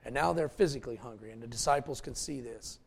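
A male pastor preaching a folksy, animated sermon with asides to the congregation. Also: mid-range voice, fast, gravelly, husky.

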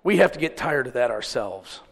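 A middle-aged man preaching a sermon as pastor, swinging between loud, drawn-out peaks and quiet asides. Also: mid-range voice, sing-song, creaky, in a large hall.

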